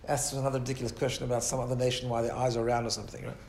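In a roomy-sounding space, a male rabbi gives a conversational Torah lecture at a very fast pace, barely pausing. His mid-range voice holds a steady tone while he keeps asking "right?" and performs the voices of people he quotes.

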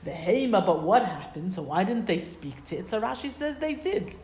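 A woman teaching a text study class, reading passages and explaining them in an animated way, acting out the voices of the people in the story. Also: mid-range voice, normal speed, roomy sound. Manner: animated, acts out voices of the crowd. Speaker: Torah teacher.

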